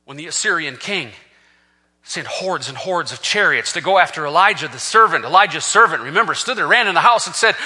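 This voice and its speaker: A man preaching a sermon, reading scripture and swinging between fervent shouts and hushed, quiet passages. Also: fairly high pitch, expressive, a little fast, breathy edge, long reverb tail. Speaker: pastor.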